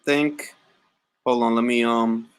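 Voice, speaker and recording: A man's voice: medium pitch, steady tone, slow pace, clean tone, low-quality recording. A man hosting a boxing talk livestream, joking around in casual slang and repeating catchphrases. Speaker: boxing talk show host.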